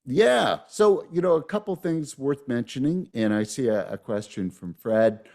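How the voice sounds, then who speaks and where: A man co-hosting a webinar, talking in a relaxed conversational way with many fillers. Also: medium pitch, unhurried. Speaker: webinar co-host. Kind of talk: casual webinar talk.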